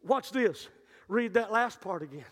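High, bright-voiced preacher in a hall. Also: male voice, animated, unhurried. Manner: storytelling, building to shouted climaxes. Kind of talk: sermon. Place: church sanctuary. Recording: long reverb of a church hall.

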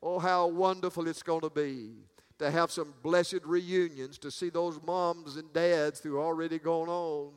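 Folksy, emphatic high-voiced preacher. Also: male voice, fairly even intonation, a little slow, smooth, in a large hall. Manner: folksy, emphatic, with frequent restarts. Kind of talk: sermon. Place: church sanctuary.

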